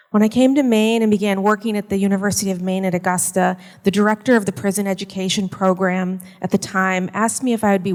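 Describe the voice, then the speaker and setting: A woman teacher reading a prepared personal essay in a measured, earnest way. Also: medium pitch, in a large hall. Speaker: university teacher in prison education. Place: performance venue.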